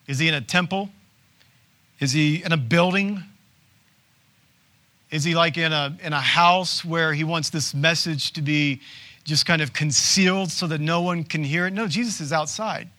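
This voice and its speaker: A male pastor preaching a sermon in a conversational way, asking rhetorical questions and tossing in quick asides. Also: on the high side, sharp tone.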